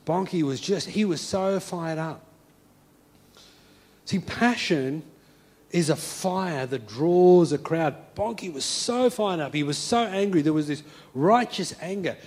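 A man's voice: on the high side, expressive, takes it slowly, a little mellow. A man preaching a sermon, telling a story with fervent, emphatic repetition.

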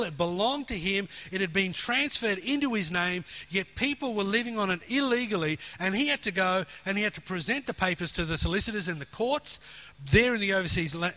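A middle-aged man preaching a sermon, telling stories with earnest emphasis and dropping soft for quoted prayer. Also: high-pitched.

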